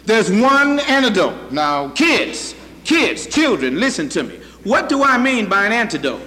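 A man with a high voice preaches to his congregation, hammering his points home through repetition. The sermon echoes with a long reverb through a large church hall. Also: sing-song, unhurried, sharp tone. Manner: emphatic, repetitive, addresses the congregation directly.

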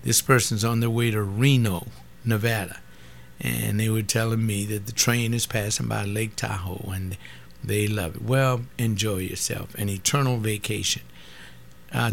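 A man's voice: mid-range voice, gravelly, a little hiss or hum. A man of seventy giving an impassioned webcast monologue as its host, rising to outrage. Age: 70s. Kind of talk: casual monologue commentary.

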